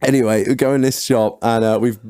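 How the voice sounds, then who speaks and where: A man's voice: medium pitch, a little fast, clean tone, no echo, studio quality. A man hosting a casual podcast, telling stories full of swearing. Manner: profane, animated anecdote-telling. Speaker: podcast host.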